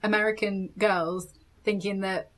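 A woman's voice: medium pitch, fairly even intonation, unhurried. Frank, giggly young British woman. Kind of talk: casual film review chat.

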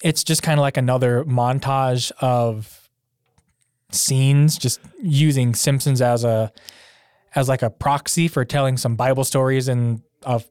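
A man's voice: mid-range voice, steady tone, measured pace, a little mellow, clear, resonant tone, no echo, clean studio sound. A young man co-hosting a casual podcast, talking hesitantly with many fillers. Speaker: podcast co-host. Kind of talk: casual chat.

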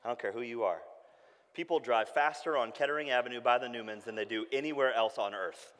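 A pastor delivers a sermon, his voice at an ordinary middle pitch. He tells a story with animated energy and reflects in a softer, quieter tone. Long hall reverb trails behind each phrase. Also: quick pace. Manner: animated storytelling, shouting when acting out calls; drops to a soft, hushed tone when reflective.

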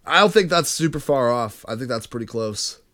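A man's voice: mid-range voice, expressive, a little fast, a bit bright. A man co-hosting a podcast, reading listener comments aloud and joking in casual chat. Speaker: podcast co-host.

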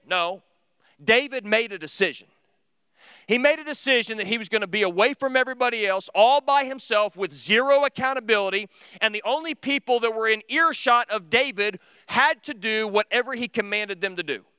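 A man's voice: sits high, bright, forceful tone, smooth, no room sound. A middle-aged man preaching a sermon in an earnest, conversational, storytelling way. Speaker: teacher.

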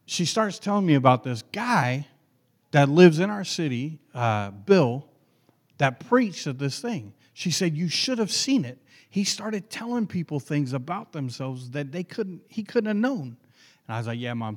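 A man preaching, telling a personal story and acting out the voices of the people in it. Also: mid-range voice. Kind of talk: sermon storytelling.

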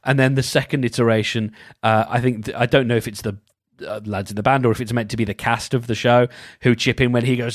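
A British man talking on his own in a casual, rambling way, restarting sentences often and getting animated as he goes. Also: mid-range voice, brisk, dry recording, clean studio sound. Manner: rambling, animated, self-interrupting. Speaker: podcast host. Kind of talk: casual solo chat.

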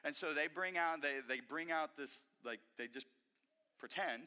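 A male pastor preaching a sermon in an animated, emphatic way, often restarting his phrases. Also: fairly high pitch, normal speed. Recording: echoey hall reverb.

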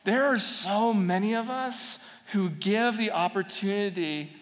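A man telling a personal story to an audience in an animated way, acting out quotes and restarting words. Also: sits high, measured pace. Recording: long hall reverb.

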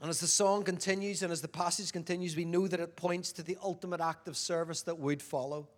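Male preacher, highish voice, asks the crowd stuff, gets loud then goes quiet. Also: steady tone, fast. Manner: questions the audience, swings between loud emphasis and quiet. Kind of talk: sermon.

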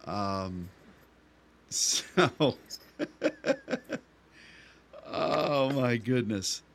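A man's voice: mid-range voice, expressive, a little slow, fairly bright tone. A man co-hosting a radio show in a casual, rambling chat, joking often and restarting his sentences. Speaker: radio co-host.

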